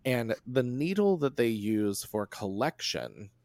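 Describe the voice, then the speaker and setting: A man's voice: mid-range voice, sing-song, takes it slowly, a little mellow, dry recording. Podcast guest, male, rambling and laughing, dry close mic. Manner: rambling, laughing, swears freely. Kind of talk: casual chat.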